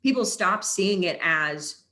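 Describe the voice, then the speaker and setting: A woman's voice: mid-range voice, slow pace. A young woman from Texas, a sports reporter, speaking frankly as a podcast guest with lots of "like". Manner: animated, frank, many "like" fillers. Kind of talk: casual conversational interview.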